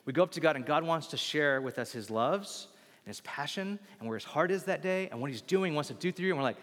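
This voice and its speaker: Guy preaching a sermon, kinda high voice, lots of long echo from a big hall, acts out little back and forth bits. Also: a little fast. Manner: animated, acts out little dialogues, laughs at own jokes. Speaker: pastor. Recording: long reverb of a large hall.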